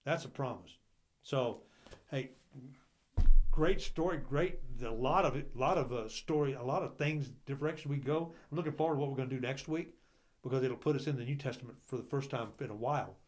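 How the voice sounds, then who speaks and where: A man's voice: mid-range voice, a little fast. A man co-hosting a Bible discussion, fervent, rising into impassioned preaching with repeated rhetorical questions. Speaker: church Bible study co-host.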